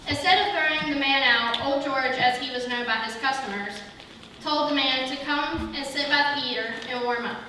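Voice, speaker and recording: A woman's voice: high-pitched, normal speed, pushed and bright. A woman reading a Christmas story aloud in a church, with small slips she corrects as she goes. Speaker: reader. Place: church sanctuary. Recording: echoey hall from far off, faint hiss.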